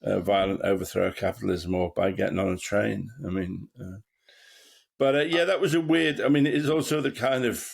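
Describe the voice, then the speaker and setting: A man's voice: on the low side, brisk, vocal fry. A man hosting a podcast, chatting casually and telling wry, rambling anecdotes. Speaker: podcast host. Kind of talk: casual chat.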